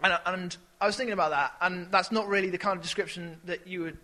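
A man preaches in a relaxed, conversational way, turning animated whenever he acts out a scene. His voice sits high for a man, bright and forward. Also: fast, poor audio. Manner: conversational and animated, with sudden shouted character voices. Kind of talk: sermon.

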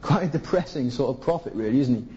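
A man's voice: mid-range voice, lively intonation, fast talker, warm tone. A man from Zimbabwe preaching a sermon, pleading with his listeners through a stream of rhetorical questions. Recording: dull lo-fi recording.

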